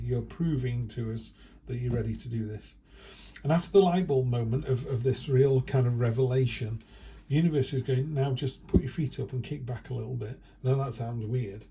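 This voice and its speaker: A man with a mid-range voice and a dark tone gives a chatty, rambling tarot reading indoors as a casual monologue, often breaking into playful quoted asides.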